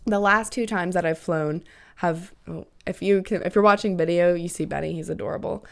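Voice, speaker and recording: A woman's voice: on the low side, steady tone, brisk, creaky. A young woman in her twenties hosting a casual solo podcast, chatty and peppering her talk with "like" and the odd swear word. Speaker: podcast host.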